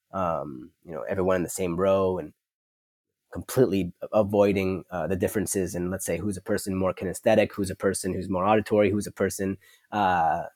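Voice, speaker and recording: A man with a fairly low voice talks as a podcast guest over a dry, close recording. He gets animated and rambles, often breaking off and restarting his sentences. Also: no echo. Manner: animated, rambling, self-interrupting. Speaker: podcast guest, company founder. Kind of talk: casual interview chat.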